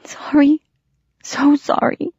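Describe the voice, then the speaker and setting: A woman's voice: medium pitch, animated, unhurried, gravelly, darkish tone, husky, dry recording, dull audio, pitched above the performer's own voice, full character voice. A woman voicing a distraught young woman, her pleas choked and breaking into whispers. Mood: tearful.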